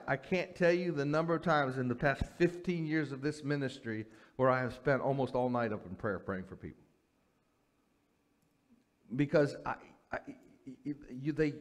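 Man teaching scripture to a women's group. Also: on the high side. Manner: repeats key phrases, frequent "okay?" and restarts. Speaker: pastor teaching a women's Bible study. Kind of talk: conversational Bible teaching.

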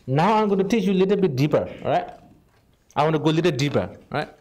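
A man with non-native English giving an informal Buddhist teaching, lively and direct, checking in often with the audience. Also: fairly high pitch, quick pace. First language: Tibetan. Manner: animated, asks "right?" constantly, non-native phrasing. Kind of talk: informal dharma talk.

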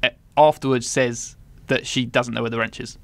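A man's voice: mid-range voice, little pitch movement, moderate pace, no room sound. Giggly British man, dry close mic. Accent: British English. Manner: giggly, playful. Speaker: podcast co-host. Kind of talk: casual film review chat.

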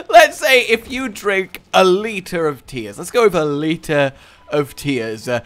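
A young man riffing over a video game, his voice bouncing with lots of pitch movement and sitting a bit high for a man. He drifts into playful, rambling tangents between game remarks. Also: lively intonation, measured pace. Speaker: let's play host. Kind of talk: casual gameplay commentary.

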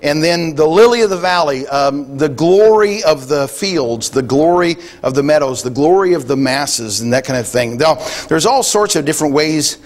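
A man's voice: on the high side, lively intonation, moderate pace, few pauses. A man preaching a sermon in a conversational way, thinking aloud with frequent restarts and quoting scripture. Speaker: pastor.

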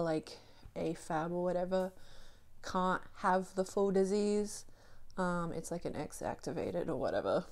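A woman's voice: lowish voice, mellow. A woman talking in a rambling, wry and self-mocking way in a casual phone vlog, out of breath. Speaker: vlogger.

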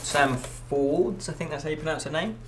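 A man co-hosting a casual show, excitable and laughing often, his voice jumping up high when thrilled. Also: moderate pace. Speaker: co-host. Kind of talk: casual chat. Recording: noticeable background noise.

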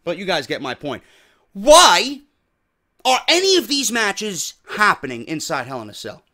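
On his wrestling podcast, a New York-accented host rants with plenty of profanity and rapid rhetorical questions. His voice is a little high and sharp-toned, fairly quick, with huge pitch swings.

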